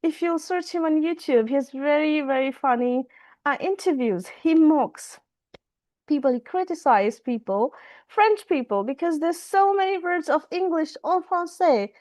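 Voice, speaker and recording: A woman's voice: high voice, animated, a little slow, darkish tone, dry recording. A woman teaching French in an online class over a video call, repeating phrases and switching between French and English.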